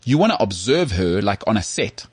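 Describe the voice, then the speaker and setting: Husky, animated South African man. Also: fairly low pitch, normal speed, no echo, studio quality. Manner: animated, full of restarts and "you know what I mean". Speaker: podcast co-host. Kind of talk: casual chat.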